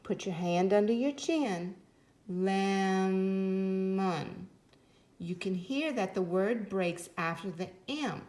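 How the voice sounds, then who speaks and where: A woman leads a phonics lesson for young children, speaking slowly and clearly. She sounds encouraging and sets out each step with care. Her voice carries a roomy echo. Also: mid-range voice, animated, a little mellow. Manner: slow, clear, encouraging teacher voice. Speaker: teacher.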